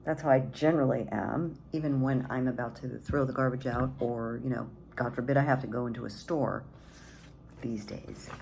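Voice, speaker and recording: A woman's voice: a bass voice, gravelly, a little mellow, slight background noise, rough recording. An older woman at home reading her own stories aloud, with wry, self-mocking asides. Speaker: storyteller. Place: apartment at home.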